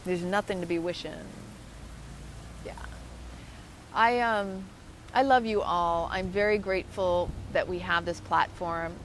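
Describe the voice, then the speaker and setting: A woman co-hosting a casual live-stream, chatting warmly and effusively to viewers and greeting them by name outdoors at a waterfront. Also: lowish voice, steady tone, unhurried, long pauses, rough recording. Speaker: co-host of an online live show. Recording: outdoor recording with clear traffic noise. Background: outdoor ambience and passing vehicles.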